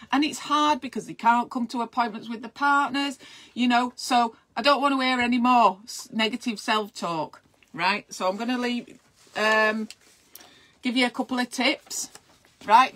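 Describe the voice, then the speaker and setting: A woman's voice: fairly high pitch, expressive, measured pace, a bit bright. A middle-aged woman, chatting casually and rambling on a live stream as a midwife host, encouraging her viewers.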